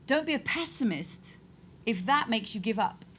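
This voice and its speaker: A woman's voice: fairly high pitch, lively intonation, moderate pace, fairly bright tone. Woman, 40s, author on a debate panel; emphatic, rhetorical delivery with a light hum underneath. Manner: emphatic, rhetorical, acts out quoted voices. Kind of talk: public debate answers.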